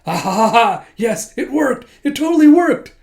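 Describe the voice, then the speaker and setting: A man's voice: high voice, brisk, mellow, pitched above the performer's own voice, lightly acted. A man voicing a scheming middle-aged male hospital director who turns frantic and pleading, reading a comic aloud. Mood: gleeful.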